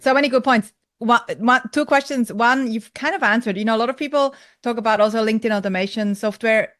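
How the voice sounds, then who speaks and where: A woman's voice: a little high, quick pace, a bit bright, no room sound, studio quality. A woman hosting an interview, asking her guest questions in a friendly, conversational way. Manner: conversational, laughs easily. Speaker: podcast host.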